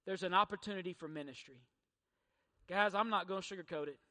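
Pastor, middle-aged man, bright and forceful, repeats lines for emphasis. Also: sits high, fast talker. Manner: emphatic preaching with rhetorical questions and repetition. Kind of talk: sermon. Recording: church hall reverb.

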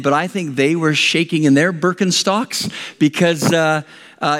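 A man preaching a sermon, telling a story with lively acted-out quotes. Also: on the high side, long reverb tail. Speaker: pastor.

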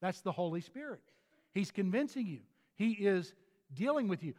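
A man's voice: sits high, sing-song, normal speed, darkish tone, big-room sound. A pastor delivering a sermon in an earnest manner, often restarting his phrases.

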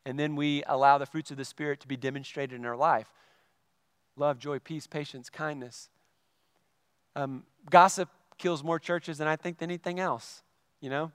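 Middle aged pastor guy preaching, high smooth voice, acts out his stories, reverb from the hall. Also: moderate pace, studio quality. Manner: animated storytelling, acting out his own reactions. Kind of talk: sermon.

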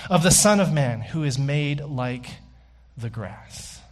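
A man preaching a sermon as a pastor in church, emphatic, slowing and rising on key phrases and dropping low and soft to reflect.

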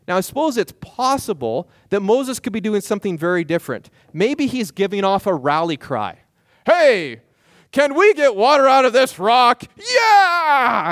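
A man preaching a sermon as pastor, lively and acting out the questions of biblical figures in his own voice. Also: high-pitched, no echo, clean studio sound.

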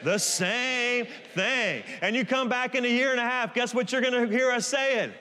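A man's voice: very high voice, normal speed, sharp tone, smooth. A man preaching a sermon in a church, emphatic, and he keeps asking the congregation to call the words back. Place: large church hall. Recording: reverberant church hall.

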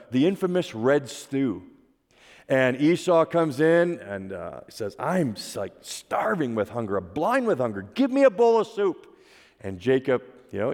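A pastor preaches a sermon, conversationally retelling a story and asking his listeners rhetorical questions. His voice is on the high side with a darkish tone, carried by the long reverb of a large hall.

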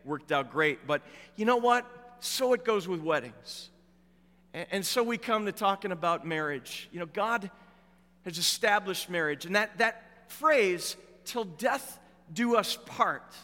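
A middle-aged man preaching a sermon as a pastor, telling stories in a relaxed, conversational way with fillers. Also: sits high. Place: church. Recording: echoey church hall with long reverb.

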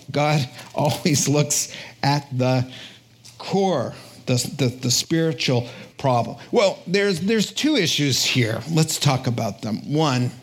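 A pastor preaching a sermon in an animated, emphatic, conversational way in a church. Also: male voice, mid-range voice.

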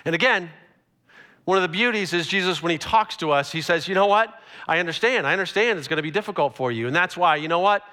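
A man preaching a sermon as a pastor, telling stories with animated, acted-out quotes. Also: high-pitched, fast.

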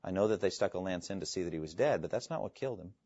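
Earnest male preacher, lively pitch. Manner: earnest, emphatic, with dramatic pauses and quoted scripture. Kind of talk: sermon. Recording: dull lo-fi, dry sound.

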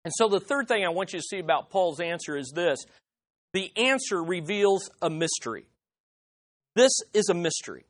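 A male pastor delivering an emphatic sermon in church, full of rhetorical questions and dramatic swings between loud and soft. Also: high voice, big pitch swings, normal speed, no room sound.

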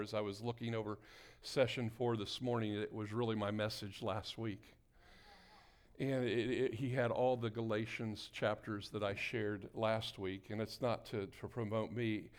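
Here a pastor with a lowish voice and little pitch variation speaks at normal speed, giving a sermon with prayer in a church sanctuary. He invites amens from the congregation and escalates into emphatic exhortation.

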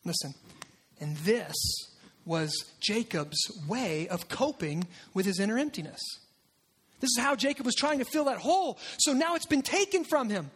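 Male pastor, very high voice, animated sermon delivery, long hall reverb. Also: normal speed, slightly rough. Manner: animated, acts out quoted lines with raised voice.

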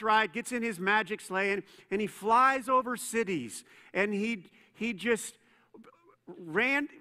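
A man preaching a sermon as a pastor, conversational and playful, telling stories with quick asides. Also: high voice, sharp tone. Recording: long reverb in a church hall.

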